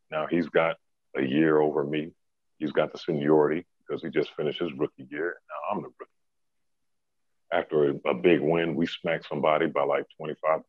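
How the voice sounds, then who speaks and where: Very deep-voiced man telling a story. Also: no echo. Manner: relaxed, fillers like "you know, man". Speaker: guest, former pro basketball player. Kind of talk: casual storytelling. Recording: tinny phone-line sound, dry.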